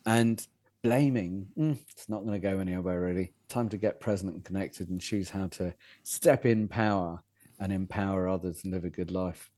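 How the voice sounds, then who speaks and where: A man's voice: deep voice, moderate pace, mellow, dry recording, studio quality. A man who runs men's groups, speaking as a podcast guest in an earnest, therapeutic way.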